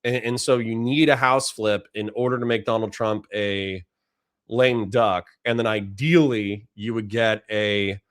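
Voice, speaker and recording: A man's voice: fairly low pitch, fairly even intonation, measured pace, a bit bright, no room sound, studio quality. A tired man hosting a casual livestream, reading chat messages and rambling candidly with lots of fillers and restarts. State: tired, yawning. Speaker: streamer host reading chat.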